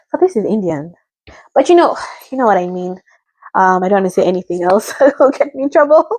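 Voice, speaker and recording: A chatty woman from Africa rambles through her thoughts on a dating show, slipping into imitations of the people she describes. Her voice sits at an ordinary middle pitch. It is recorded dry and close, with no room sound around it. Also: big pitch swings, fairly quick, darkish tone, no echo. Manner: rambling, chatty, often mimics what others said. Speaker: reality show reactor. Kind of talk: casual chat.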